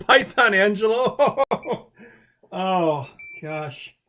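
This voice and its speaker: Guy chatting on his livestream, kinda high voice, lots of restarts and little laughs. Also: expressive, very slow, fairly bright tone. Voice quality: rambling, restarts, chuckles often. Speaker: livestream host. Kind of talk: casual chat.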